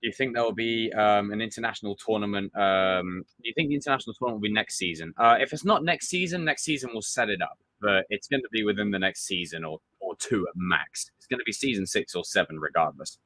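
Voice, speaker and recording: A man hosting a live stream, chatting casually and excitably about a TV show and acting out quotes. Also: fairly low pitch, fast talker, few pauses. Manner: animated, excitable, acts out quotes.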